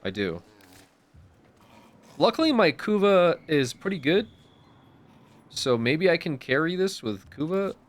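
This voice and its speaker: A man's voice: fairly high pitch, big pitch swings, unhurried, pauses often. Young guy streamer grumbling over a game, swears a lot, voice jumps up and down. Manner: exasperated, swears often. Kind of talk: casual gameplay commentary.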